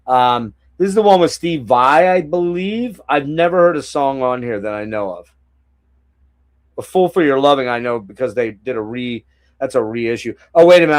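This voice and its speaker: A middle-aged man rambling casually to his live-stream viewers, swearing freely and wandering off on tangents. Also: medium pitch. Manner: rambling, profane, chatting to viewers. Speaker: collector streaming a haul show.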